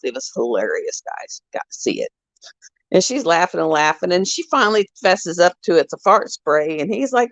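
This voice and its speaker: A woman's voice: low-pitched, expressive, normal speed, no echo, lo-fi sound. A middle-aged woman rambling through chatty stories while hosting a casual livestream. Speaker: livestream host. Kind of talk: casual chat while crafting.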